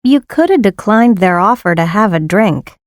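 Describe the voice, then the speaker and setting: A woman reading grammar exercise sentences in a plain, clear manner. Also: medium pitch, animated, normal speed, no room sound, clean studio sound. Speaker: example sentence reader.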